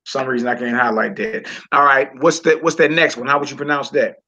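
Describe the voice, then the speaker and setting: A man teaching a live-streamed Hebrew lesson casually, repeating words and drilling syllables slowly. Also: medium pitch, bright, forceful tone, lo-fi sound.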